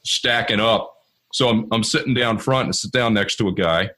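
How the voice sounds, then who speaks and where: Low, husky-voiced podcast host. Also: male voice, moderate pace, pushed and bright. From Baltimore. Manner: rambling, with restarts and quoted dialogue. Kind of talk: conversational interview.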